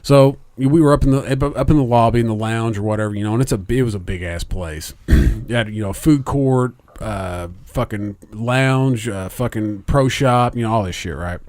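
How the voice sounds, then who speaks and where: A man's voice: on the low side, normal speed, hardly any pauses, a little mellow, no room sound. A man, podcast co-host, telling a long story in casual chat, rambling and swearing a lot.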